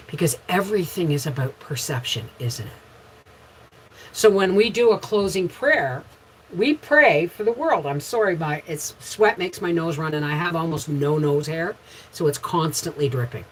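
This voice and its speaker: A middle-aged woman hosting a casual livestream, chatting with viewers and telling frank, rambling stories with sudden loud bursts. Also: mid-range voice, lively intonation, moderate pace, husky, rough recording. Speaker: homestead channel host.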